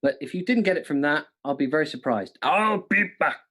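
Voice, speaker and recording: A man with a fairly high voice hosts a live quiz stream at a quick pace, slipping in jokey impressions. He mocks himself playfully and laughs at his own jokes a lot, captured on a studio mic with monitors.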